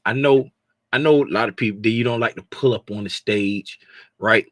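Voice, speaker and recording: A middle-aged man hosting a casual livestream, greeting viewers by name, sometimes dropping to a hushed, confiding tone. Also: mid-range voice, normal speed, no room sound. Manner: drops to a hushed, confiding tone at times. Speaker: livestream host.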